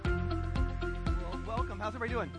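A man's voice: sits high, normal speed, long reverb tail, loud music behind the voice. A man preaching a sermon, joking with the congregation and talking straight to them. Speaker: pastor. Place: church sanctuary.

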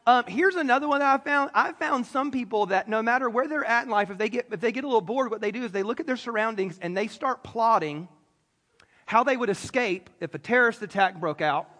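Pastor guy, joking around with the crowd, pretty high voice, long church reverb. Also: a little fast, sharp tone. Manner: joking, talks straight to the congregation. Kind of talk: sermon. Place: church sanctuary.

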